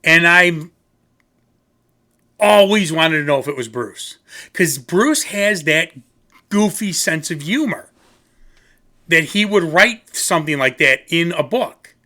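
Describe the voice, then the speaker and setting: A man's voice: fairly high pitch, expressive, slow pace, long pauses, bright, forceful tone. A man casually reviewing music on his channel, rambling and goofy, poking fun at himself. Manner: rambling, goofy, self-mocking. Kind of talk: casual rambling video talk.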